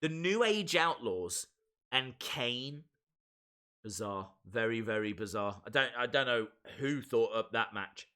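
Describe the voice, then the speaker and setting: Man, live stream host, casual chat, slow pace, bright voice, repeats himself. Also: medium pitch, animated. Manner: chatty, reads viewer comments aloud, repeats phrases.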